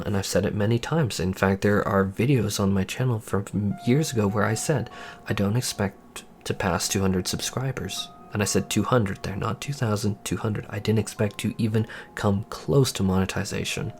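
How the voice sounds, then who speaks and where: A man, a gaming YouTuber, speaking in a candid personal monologue, earnest and frustrated, halting with repeated restarts. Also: on the low side.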